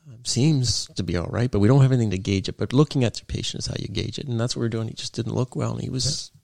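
A man hosting a talk show, a paramedic himself, speaking in an agreeable, measured way and often tagging "right?" onto his points. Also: mid-range voice, vocal fry, a little mellow, dry recording. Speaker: podcast host and paramedic. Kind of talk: casual conversation.

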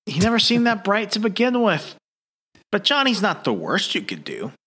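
Male podcast co-host, dry delivery, bright and forceful tone. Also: high-pitched, huge pitch swings, normal speed, husky. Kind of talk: casual podcast chat.

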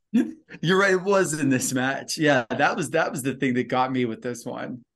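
A man co-hosting a wrestling podcast, talking in an excited, rambling way with many fillers. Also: mid-range voice, a little slow. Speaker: podcast co-host. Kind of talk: casual wrestling review chat.

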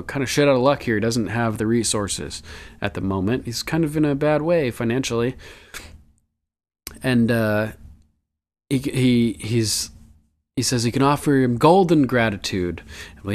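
Casual male podcast host, mid-pitched, chatty and profane, quick to laugh. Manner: loose and chatty, swears, laughs often, quotes lines in passing. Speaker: podcast host recapping a TV episode. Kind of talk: casual chat.

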